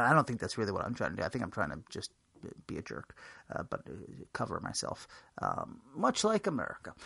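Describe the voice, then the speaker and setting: A man's voice: mid-range voice, gravelly, no room sound. A man giving a rambling, self-mocking comedic answer in an interview, full of fillers and restarts. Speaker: interview guest.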